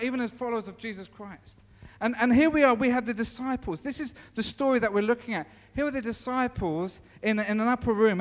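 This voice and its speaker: A man giving an informal sermon, telling the story conversationally with many restarts. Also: very high-pitched. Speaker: preacher. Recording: long echoing reverb.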